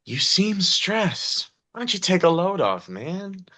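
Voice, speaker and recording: A man's voice: high voice, big pitch swings, takes it slowly, pushed and bright, pitched above the performer's own voice, heavily acted. A man voicing a laid-back, friendly middle-aged island bar cook in a tabletop game. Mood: soothing. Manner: friendly, easygoing hospitality.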